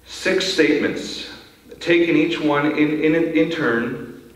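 Guy preaching a sermon, kinda high voice, big echoey church, mic far away. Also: measured pace. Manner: earnest, repeats words when starting sentences. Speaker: pastor. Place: church sanctuary.

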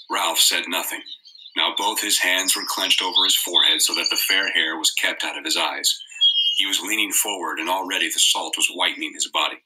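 A man reading a novel aloud in a steady, measured narration. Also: sits low, a little hiss or hum, low-quality recording. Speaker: reader.

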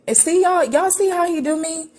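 A woman guest on a faith podcast, talking in a candid, animated, playful way. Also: extremely high pitch, normal speed, background noise.

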